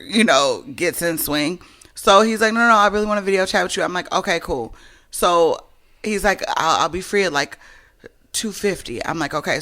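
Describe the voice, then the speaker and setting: A brassy woman with a bright, forceful voice tells a story in casual podcast chat. She swears freely and performs every line of dialogue, hers and the other person's. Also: fairly low pitch. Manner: blunt, profane, reenacts both sides of conversations. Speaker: podcast co-host.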